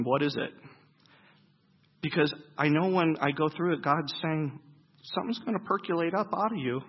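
A man preaching with a high, husky voice, posing questions to his congregation and answering them himself. He swings from loud, emphatic bursts to hushed, low passages. The recording sounds dull and lo-fi. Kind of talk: sermon.

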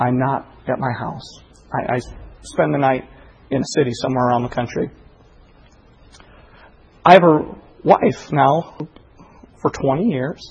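A middle-aged man preaching a sermon, impassioned, rising to loud emphatic delivery full of rhetorical questions. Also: fairly high pitch, breathy edge, low-quality recording. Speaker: pastor.

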